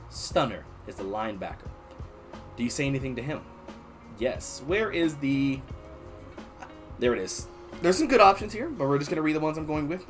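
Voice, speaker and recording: Animated man reading a story game aloud. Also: mid-range voice. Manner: animated, chatty. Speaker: streamer reading an interactive story. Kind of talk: casual livestream read-aloud.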